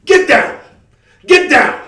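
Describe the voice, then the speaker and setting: A man playing a frightened young male police officer who barks commands at the top of his voice. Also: slow pace. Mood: shouting. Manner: barking shouted commands. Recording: roomy sound from a distant mic.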